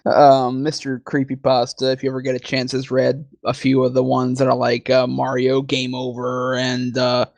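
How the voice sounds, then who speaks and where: A man co-hosting a loose chat, at an ordinary middle pitch, joking crudely and swearing freely. His voice sounds dry and close. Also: completely flat delivery, normal speed, vocal fry, hardly any pauses, darkish tone, no echo. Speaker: co-host. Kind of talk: casual chat.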